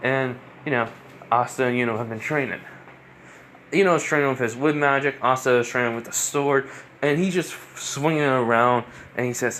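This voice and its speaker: A man casually talks his way through a fan story, rambling and restarting often. His voice sits at an average pitch. A faint hiss lies behind him. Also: moderate pace, a bit bright. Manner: rambling, many fillers and restarts.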